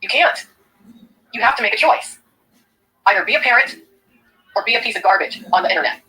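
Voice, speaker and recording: A woman's voice: fairly high pitch, expressive, a little fast, pushed and bright, poor audio. A woman giving indignant reaction commentary on a stream clip, lecturing the viewers.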